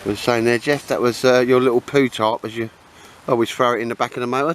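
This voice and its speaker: A man's voice: mid-range voice, steady tone, quick pace, low-quality recording. Chatty man outdoors in wind. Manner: chatty, jokey banter, calls everyone mate and sir. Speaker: vlogger filming a camping trip. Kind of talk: casual chat to camera. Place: windy, rainy campsite outdoors. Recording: wind and rain noise outdoors. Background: wind and rain.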